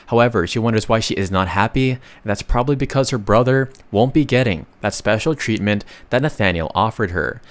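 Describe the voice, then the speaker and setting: A man narrating a comic recap in a casual, chatty way, with sudden loud bursts and slangy asides. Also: fairly low pitch, fairly quick, hardly any pauses.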